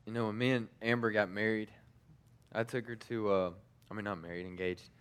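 A man's voice: on the low side, steady tone, a little fast, a bit bright, smooth. A man in his thirties, a youth pastor, telling stories in a casual sermon, stumbling through frequent restarts and fillers.

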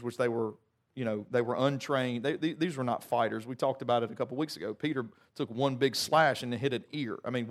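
A male pastor, preaching a conversational sermon with joking asides and frequent restarts. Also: medium pitch.

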